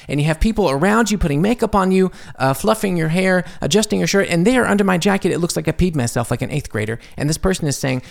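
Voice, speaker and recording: A man hosting a podcast, telling an embarrassing story in a casual, animated, self-deprecating way with many restarts. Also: on the high side, creaky. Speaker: podcast host. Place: home studio.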